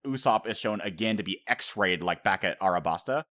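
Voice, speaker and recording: Podcast host, man; low, animated, swears and laughs a lot. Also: normal speed. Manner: animated, profane, laughs often, acts out quotes. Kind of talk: casual chat.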